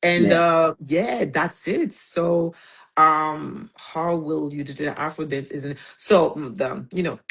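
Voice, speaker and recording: Husky woman with a French accent. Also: deep voice, slow pace, fairly bright tone. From Caribbean. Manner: emphatic, repeats points in lists. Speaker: podcast host. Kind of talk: casual podcast conversation.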